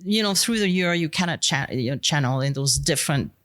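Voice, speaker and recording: A woman in her sixties with a French accent, a guest winemaker telling her story in a relaxed interview. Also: sits low, a little fast. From France. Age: 60s. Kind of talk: interview conversation.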